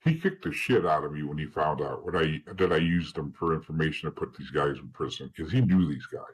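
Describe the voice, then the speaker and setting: Male interview guest, husky voice, blunt and profane storyteller. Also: a bass voice, brisk, rough recording. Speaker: interview guest, former informant.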